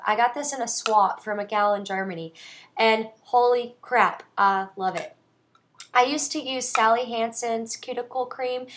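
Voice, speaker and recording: A young woman talks casually about her nail care products. She is chatty and enthusiastic and often says "um". Her pitch sits in an average range. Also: fairly bright tone. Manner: chatty and enthusiastic, frequent "um" fillers. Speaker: beauty vlogger.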